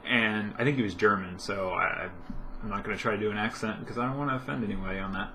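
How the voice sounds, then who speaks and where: A man's voice: on the low side, fast talker, bright, forceful tone, a little hiss or hum. A young man vlogging at home in casual chat, rambling with lots of fillers and self-corrections.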